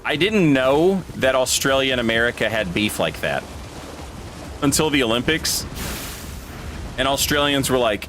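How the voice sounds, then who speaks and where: A man's voice: mid-range voice, lively intonation, normal speed, pauses often, a bit bright, slight background noise. A man streaming a video game, rambling casually, joking and swearing freely. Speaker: gaming streamer. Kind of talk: casual gaming commentary.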